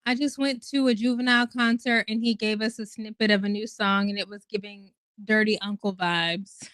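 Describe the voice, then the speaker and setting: A woman's voice: mid-range voice, fairly even intonation, normal speed, a bit bright, no echo. A woman in her twenties hosting a casual livestream, chatting in a rambling way with lots of fillers and swearing. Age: 20s. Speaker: host.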